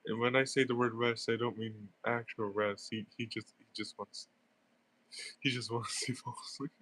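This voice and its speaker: A man's voice: mid-range voice, flat delivery, moderate pace, fairly bright tone. A young man with a stuffy nose, rambling through casual gameplay commentary with lots of fillers and giggles. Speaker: gaming streamer.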